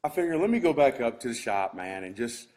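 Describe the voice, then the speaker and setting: A man's voice: mid-range voice, big pitch swings, a little fast, darkish tone. A married man, ranting in a rambling, agitated way to his live viewers from inside his shop. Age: adult, married with kids. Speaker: vlogger talking to live viewers. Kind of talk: casual live-stream rant.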